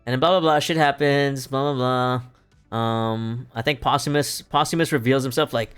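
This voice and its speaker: A man's voice: medium pitch, steady tone, normal speed, fairly bright tone, clean tone, soft background music. A man recapping a play on a live stream in casual talk, rambling and profane and laughing often.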